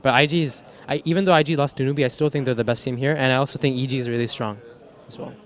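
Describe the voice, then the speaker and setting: A man's voice: medium pitch, fairly even intonation, rapid-fire. A young man, a professional gamer, answering post-match questions in a loose, rambling way with restarts and casual swearing. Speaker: professional esports player.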